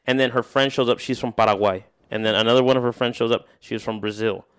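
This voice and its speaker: A man in casual podcast chat, an animated storyteller who swears freely and acts out quoted lines. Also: medium pitch, fast, smooth. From United States. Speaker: podcast host.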